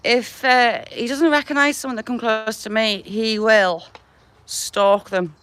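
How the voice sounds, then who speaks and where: A woman's voice: on the high side, fairly even intonation, unhurried, fairly bright tone, smooth, dry recording. A woman chatting on a livestream while she feeds her chickens, affectionate and often laughing. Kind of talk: casual live chat with viewers. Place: outdoors in a chicken run. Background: chickens clucking and a rooster.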